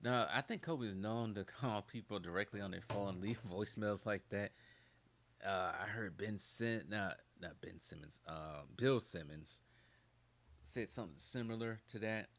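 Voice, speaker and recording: A man hosting his own channel, giving casual opinion commentary in an animated, ranting way. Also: on the low side, moderate pace. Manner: animated, ranting, laughs often.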